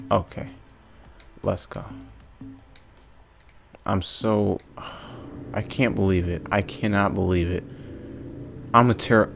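A man's voice: lowish voice, moderate pace, gravelly, pauses often, a little hiss or hum. A young man hosting a let's play, exasperated and ranting at the game, swearing often. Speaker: gaming video host.

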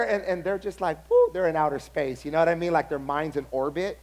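High-voiced man preaching with animated impressions. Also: fast talker, few pauses. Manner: animated storytelling, acts out other people's lines. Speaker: pastor. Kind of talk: sermon.

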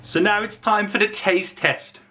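A man's voice: sits high, fairly even intonation, measured pace, sharp tone. Jokey man narrating a kitchen demo. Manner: jokey, chatty, narrates each step. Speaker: vlogger. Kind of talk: playful cooking demo. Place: home kitchen. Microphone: handheld phone camera.

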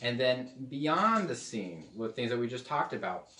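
A man gives a casual teaching sermon, joking and chatty, now and then trying on playful accents. His voice sits at an ordinary middle pitch. The mic is set back from him, and the room adds a noticeable echo. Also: big pitch swings, a little slow, bright, forceful tone, a little hiss or hum. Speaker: preacher. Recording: echoey room, mic at a distance.

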